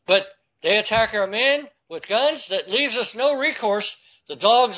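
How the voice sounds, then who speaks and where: A man reading out a news report and commenting on it, stumbling and restarting words as he goes. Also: a little high. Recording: dull lo-fi audio.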